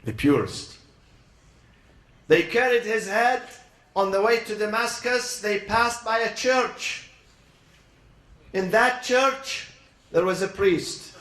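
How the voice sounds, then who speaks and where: A man at a youth gathering, telling a religious story as a sermon, with dramatic pauses and short emotional phrases. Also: sits high, a bit bright. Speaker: speaker at a youth event. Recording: roomy echo.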